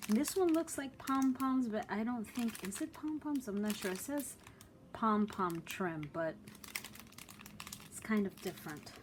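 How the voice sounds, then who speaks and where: A woman vlogging at home as she opens craft mail, gushing with excitement and gasping at each item. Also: mid-range voice, a little hiss or hum. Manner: gushing, excited, frequent gasps and exclamations. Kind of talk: casual unboxing chat. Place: room at home with the door closed.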